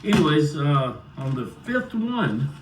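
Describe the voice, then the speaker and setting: A man's voice: a little high, very animated, takes it slowly, a little hiss or hum. A middle-aged man telling a rambling personal story in a loose, chatty way, often circling back with "so anyways.". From United States. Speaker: vlogger. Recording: roomy sound, far from the mic.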